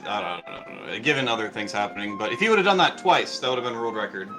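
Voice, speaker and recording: A man's voice: fairly low pitch, animated, fast talker, music in the background, poor audio. A middle-aged man chatting casually after a speedrun, rambling with lots of fillers and restarts. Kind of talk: casual post-run chat.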